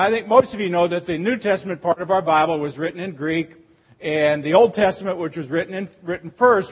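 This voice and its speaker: A man's voice: high-pitched, breathy edge, highs cut off. A man preaching a sermon as pastor, explaining a word like a teacher and rising to emphatic cries on the phrases he quotes.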